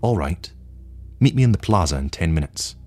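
A man voicing a calm, wry, menacing agent from the future who speaks in a measured, languid way. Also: low voice, breathy edge. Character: cold patient male agent from the future, menacing.

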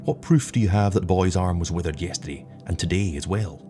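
A man's voice: low voice, fairly quick, music in the background. A man voicing a stern, skeptical spaceship captain who speaks in a curt, dismissive way.

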